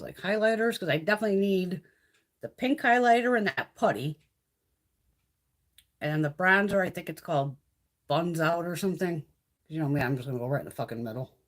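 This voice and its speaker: A woman beauty vlogger chatting casually on a live stream while doing her makeup, blunt and full of swearing. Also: sits low.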